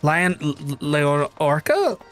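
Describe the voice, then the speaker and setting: Male streamer, chatty and excitable, sweary, fairly high voice, faint music underneath. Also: slow. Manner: excitable, swears often, pitch jumps high when amazed. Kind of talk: casual gaming livestream chat.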